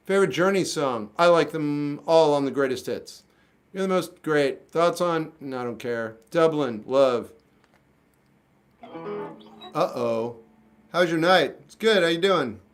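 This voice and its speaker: Male streamer, casual deadpan chat, slightly raised voice. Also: fairly high pitch. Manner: dry, offhand, jokey replies to comments. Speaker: livestreamer musician answering chat.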